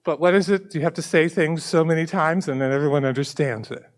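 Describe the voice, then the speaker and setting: This school superintendent talks briskly in a voice on the high side. Opening a public committee meeting, he speaks earnestly and restates the important points for emphasis.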